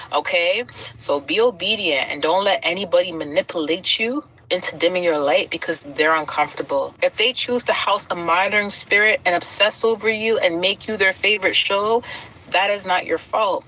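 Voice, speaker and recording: Low-voiced woman preaching. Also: normal speed, pushed and bright, poor audio. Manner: emphatic, rhythmic repeating lists. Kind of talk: sermon-like encouragement to an audience.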